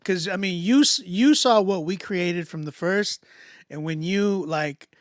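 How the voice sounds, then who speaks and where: A man hosting a live music critique stream, talking in a casual, animated way, often laughing and repeating himself. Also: high-pitched, unhurried, no room sound, studio quality. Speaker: livestream host critiquing music.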